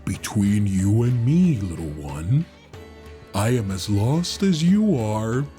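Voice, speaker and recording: A man voicing a huge, jovial male giant who speaks in slow, drawling lines. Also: lowish voice, big pitch swings, dark tone, faint music behind, pitched below the performer's own voice. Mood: warm, jovial.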